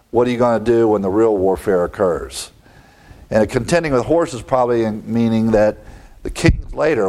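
Male preacher, deeper register, teaching a sermon in a relaxed, questioning style. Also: gravelly. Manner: conversational, rhetorical questions, chuckles often. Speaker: pastor.

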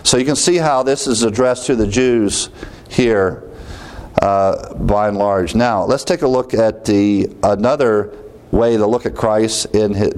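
A man's voice: medium pitch, a little mellow. A man preaching a conversational Bible teaching to his congregation, listing word counts and lifting his voice on key words, with small jokes to the room. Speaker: pastor teaching a Bible study. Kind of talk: teaching sermon.

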